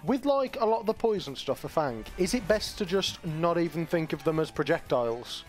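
A man's voice: fairly high pitch, moderate pace, soft background music. A man chatting casually while gaming, joking and laughing often. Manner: laughs often, lively banter. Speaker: streamer.

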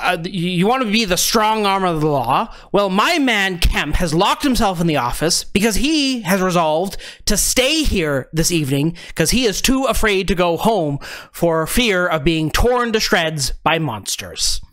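A man's voice: high voice, sing-song, a little slow, fairly bright tone, exaggerated voice. A man voicing a portly, pompous harbor master in a tabletop role-play game, blustering and self-important.

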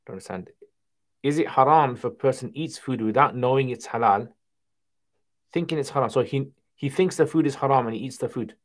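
A man hosting a casual livestream Q&A, reading viewer questions aloud and answering them in a relaxed conversational way. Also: mid-range voice, brisk. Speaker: Islamic Q&A livestream host.

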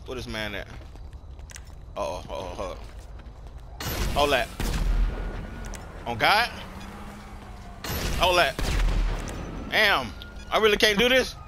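A man's voice: medium pitch, animated, slow, pauses often, background noise. A young man giving live gameplay commentary, slangy and trash-talking other players. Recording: loud game sounds under the voice.

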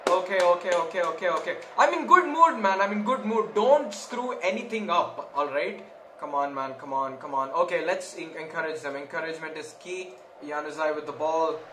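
A man commentating his own football management game, talking casually, nervous and excitable, swinging between mutters and shouts. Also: fairly high pitch, brisk, reverberant, slight background noise, rough recording. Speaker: gaming YouTuber. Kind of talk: Let's Play commentary.

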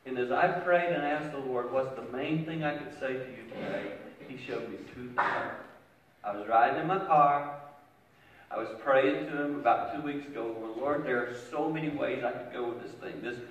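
A middle-aged man giving a humorous storytelling sermon on parenting, animated and swinging from loud punchlines to hushed asides. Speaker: speaker on parenting. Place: large hall with an audience. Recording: booming echoey hall from far off, with ambient noise.

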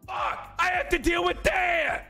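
A man's voice: very high voice, fairly even intonation, unhurried, faint music behind, exaggerated voice. A man doing an impression of a furious male police colonel in game role-play, ranting and swearing nonstop. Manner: nonstop shouted rant, heavy swearing. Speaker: streamer.

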